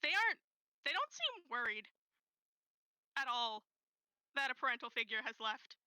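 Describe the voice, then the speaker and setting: A woman running a tabletop game, describing a character's actions in gentle, unhurried narration. Her voice is high, very bright and smooth, recorded close and dry. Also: sing-song, no room sound, low-quality recording. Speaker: game master.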